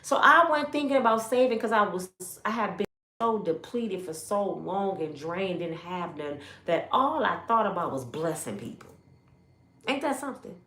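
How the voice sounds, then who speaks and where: Animated woman storyteller in her fifties. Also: mid-range voice, normal speed. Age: 50s. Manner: animated, acts out others' voices in quotes; shifts between loud exclamations and hushed asides. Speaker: YouTube storyteller. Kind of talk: personal testimony storytelling. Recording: roomy echo.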